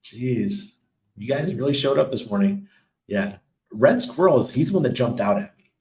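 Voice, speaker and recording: A man's voice: mid-range voice, sing-song, moderate pace, a little mellow. A man hosting a casual crypto livestream, reading viewer comments and answering in a loose, chatty way with lots of ums and laughs. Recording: echoey room.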